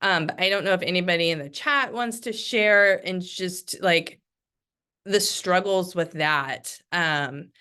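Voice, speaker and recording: Woman, discussion leader on a video call, low-ish steady voice, even keel. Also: measured pace, clear, resonant tone. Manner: even-tempered, many ums. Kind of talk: casual group discussion.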